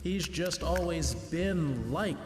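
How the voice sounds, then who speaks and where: A man's voice: fairly high pitch, lively intonation, slow pace. A man playing a theatrical master of ceremonies who introduces the next act on a strange stage. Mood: sly, theatrical. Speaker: show announcer, master of ceremonies. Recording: echoey hall with music behind.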